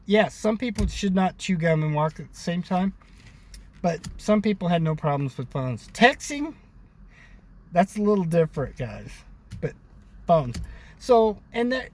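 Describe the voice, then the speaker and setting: American guy ranting on his vlog, kinda high voice, preachy and repeating himself. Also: darkish tone, a little hiss or hum. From United States. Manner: addresses viewers as brothers and sisters. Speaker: video blogger. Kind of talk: casual opinion monologue to camera.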